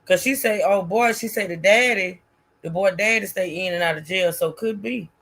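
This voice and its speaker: A woman co-hosting a livestream in a chatty, animated way, talking with callers and viewers. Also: mid-range voice, moderate pace. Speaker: livestream co-host. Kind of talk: casual commentary chat.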